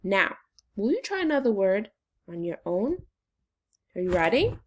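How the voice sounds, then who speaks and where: A woman teacher leading a phonics lesson for children, slowly and encouragingly sounding out syllables. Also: mid-range voice, sing-song.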